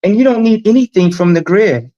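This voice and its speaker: A middle-aged man talking in a casual live-stream chat, animated and emphatic, telling stories with asides. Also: high-pitched, brisk, dull audio. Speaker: guest.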